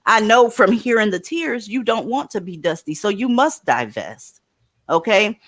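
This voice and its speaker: A woman's voice: medium pitch, expressive, moderate pace, a bit bright, dry recording. A woman hosting a livestream, giving blunt, profane commentary and advice to her callers. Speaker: livestream host.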